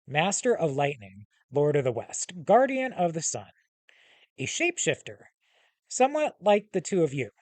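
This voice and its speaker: A man voicing a huge, scarred male hellhound with a calm, commanding manner and measured, formal speech. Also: on the high side, no room sound, voice pushed up. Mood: formal, assured. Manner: measured, formal speech with slow, stressed titles.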